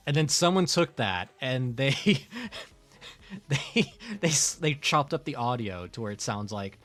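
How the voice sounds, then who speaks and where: A man's voice: medium pitch, sing-song, a little slow, a bit bright, soft background music. A man chatting casually while drawing on a livestream, rambling with lots of fillers and laughing often. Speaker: streamer and artist.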